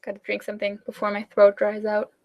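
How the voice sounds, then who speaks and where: A woman's voice: mid-range voice, completely flat delivery, fast talker, muffled recording, a little hiss or hum. A young German woman hosting a casual live Q&A, chatty and fidgety with lots of ums and likes, speaking English with a German accent. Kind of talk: casual live chat answering viewer questions.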